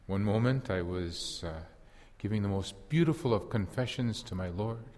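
Man as impulsive apostle fisherman, first-person dramatic monologue, earnest, self-deprecating, lowish voice, long hall reverb. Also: moderate pace, darkish tone, lightly acted. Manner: earnest reflective storytelling with wry self-deprecation.

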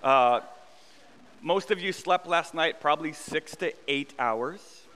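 A man's voice: fairly high pitch, slow, fairly bright tone, in a large hall. A man in his thirties preaching a sermon, in a conversational tone with self-deprecating humor, repeating phrases for emphasis. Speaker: pastor. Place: church sanctuary.

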